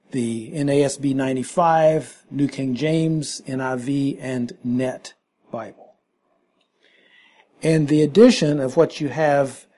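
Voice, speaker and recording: Emphatic male preacher, mellow husky voice. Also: on the high side. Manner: emphatic, explains scripture word by word. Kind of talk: expository sermon.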